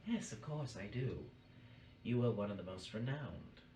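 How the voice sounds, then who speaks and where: A man's voice: medium pitch, expressive, moderate pace, dark tone, slight background noise, close to an everyday voice. A man voicing a cold, commanding spectral woman who interrogates the group. Recorded in a roomy space from a distant mic. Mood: accusing. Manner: imperious, interrogating.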